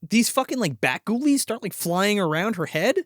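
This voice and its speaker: A man co-hosting a casual movie review chat, excitedly retelling scenes with lots of swearing and quick put-on voices. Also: high voice, dry recording, studio quality. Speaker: podcast co-host.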